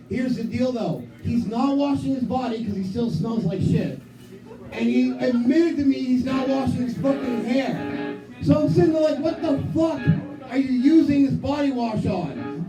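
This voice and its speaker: A high-voiced man in his thirties with a New England accent, doing a crude stand-up set in a small club. He swears constantly, mocks himself, and bursts into loud quoted asides. The sound is roomy and distant, with music behind him. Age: 30s. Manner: crude, self-mocking, heavy swearing. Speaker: stand-up comic. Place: small comedy club stage. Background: live music and crowd.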